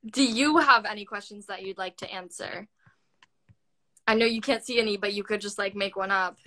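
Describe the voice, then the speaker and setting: A woman's voice: mid-range voice, normal speed, sharp tone. A young woman hosting a phone live stream, chatty and giggly as she reads out comments. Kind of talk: casual chat. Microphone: phone on a live video call.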